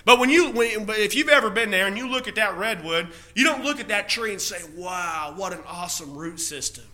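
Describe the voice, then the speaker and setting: A man's voice: high voice, fast, sharp tone. A male pastor preaching a sermon, driving points home with rhetorical questions and repeated key phrases, stretching out punch words.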